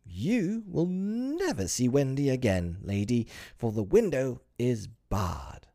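A man's voice: deep voice, big pitch swings, normal speed, mellow, breathy edge, heavily acted. A man reading aloud, voicing a boyish, defiant magical boy who flies, with an exultant, sneering manner.

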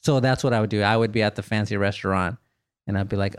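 With a clear, resonant voice on the low side, this comedy podcast host answers listener questions casually, telling animated stories, cracking jokes, and laughing in quick bursts. It's studio quality with no room sound.

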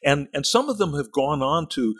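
An older man, an author and retired teacher, talking thoughtfully on a podcast with halting restarts and reading passages from his book slowly and expressively. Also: a little high, sing-song, a bit bright, slightly rough.

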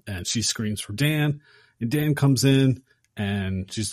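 A man casually recapping a horror film on a podcast, acting out the characters' lines with animated energy. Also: on the low side, a little slow, no echo, clean studio sound. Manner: animated storyteller acting out quotes. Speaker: podcast host.

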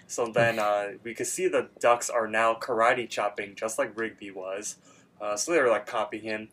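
A man's voice: lowish voice, steady tone, moderate pace, fairly bright tone. A man co-hosting a casual podcast, recapping a cartoon episode in a rambling, filler-heavy way and acting out character lines. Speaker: podcast co-host.

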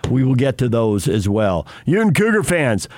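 Brisk male radio host teasing the next segment. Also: medium pitch, sing-song, darkish tone, no room sound. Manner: brisk announcer delivery. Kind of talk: segment tease and sponsor read. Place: radio studio.

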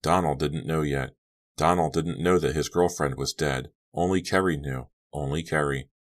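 A man reads an audiobook in a steady, clipped way. His voice sits very deep. It is scripted storytelling narration. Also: normal speed.

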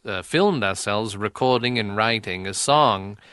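A man doing an impression of a famous rock musician, telling absurd rambling anecdotes deadpan in an improvised comedy bit. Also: on the low side, a little slow, clean tone, no room sound, clean studio sound.

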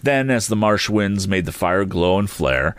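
A man narrating a classic novel as an audiobook, in a measured, steady storytelling manner. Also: sits low, smooth, dry recording.

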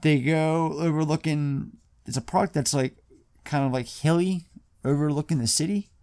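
A man's voice: on the high side, normal speed, darkish tone, clear, resonant tone, dry recording, studio quality. A man co-hosting a casual film podcast, loosely retelling scenes with plenty of swearing. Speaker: podcast co-host. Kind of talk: casual film-review chat.

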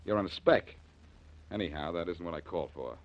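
Wisecracking Boston Blackie. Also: male voice, deep voice, lively intonation, fairly quick. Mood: wry. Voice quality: dry wisecracking. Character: suave wisecracking reformed jewel thief. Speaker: lead actor. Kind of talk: 1940s radio acting. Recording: dull old radio broadcast.

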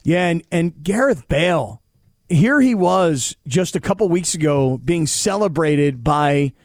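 A male radio co-host jokes and teases in playful studio banter. His voice sits fairly high, and the sound is close and dry. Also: expressive, a little slow, no room sound. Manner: teasing and playful.

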